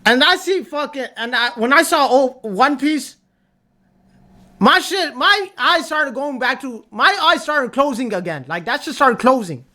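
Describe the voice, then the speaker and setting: Give me a young adult livestreamer ranting emphatically to chat, with a lively, bouncing delivery. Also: sits high, measured pace. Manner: repetitive, emphatic, swears a lot. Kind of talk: ranting tier-list commentary.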